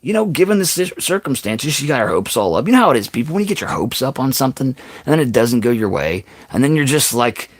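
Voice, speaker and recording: A man's voice: mid-range voice, fast talker, hardly any pauses, dry recording. A man vlogging a funny story in a casual way, often stopping to ask the audience "okay?" and adding self-mocking asides. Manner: animated, keeps addressing the audience with "okay?" and "people"; self-deprecating, exaggerated asides.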